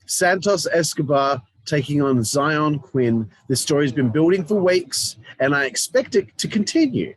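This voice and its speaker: A man's voice: fairly high pitch, unhurried, hardly any pauses, husky, low-quality recording. A man co-hosting a wrestling review, talking casually, swearing and joking, hot and struggling to focus. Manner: swears often, relaxed and joking. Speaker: co-host of a wrestling review show.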